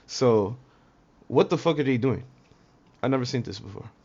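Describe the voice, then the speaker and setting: A man's voice: mid-range voice, expressive, normal speed, a little mellow, slight background noise. A man giving casual, profane reaction commentary in a slangy way, laughing often. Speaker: reaction streamer. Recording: dull lo-fi audio.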